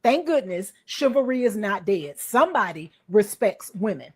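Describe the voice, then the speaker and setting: A woman's voice: mid-range voice, big pitch swings, moderate pace, darkish tone, slightly rough. A woman in a social media clip telling, indignantly, how she felt disrespected. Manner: indignant, aggrieved. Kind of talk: casual storytelling.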